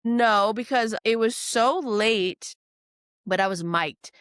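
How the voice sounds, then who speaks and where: A woman from New Orleans, a guest chef telling stories in a casual podcast chat. She swears freely and acts out other people's lines with lively quoting. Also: on the high side, slow pace, clear, resonant tone, no echo, clean studio sound. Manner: animated storytelling, acts out quotes, swears freely.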